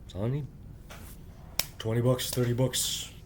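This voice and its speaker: A man in a rambling personal monologue, speaking in halting, clipped fragments and tagging nearly every phrase with "right?" in a confrontational way. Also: mid-range voice, little pitch movement, darkish tone, a little hiss or hum. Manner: insistent, confrontational address. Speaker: vlogger.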